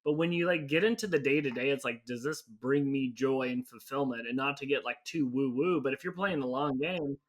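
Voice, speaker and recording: A man's voice: medium pitch, brisk, few pauses. A man hosting a podcast interview, asking questions loosely with many fillers. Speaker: podcast host, growth marketing agency owner. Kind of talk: conversational interview.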